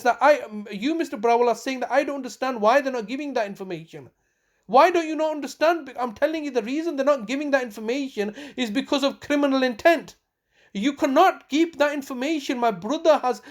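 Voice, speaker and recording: A woman with a high voice presses an official on a recorded phone call. She sounds agitated and accusatory, hammering her points home with repeated words and restarts. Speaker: family member confronting a council official.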